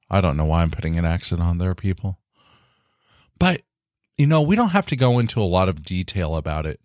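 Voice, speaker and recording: A man's voice: low-pitched, big pitch swings, brisk, no room sound, clean studio sound. A man hosting his own podcast in casual solo talk, earnest and encouraging, with many fillers like "you know.". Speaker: podcast host.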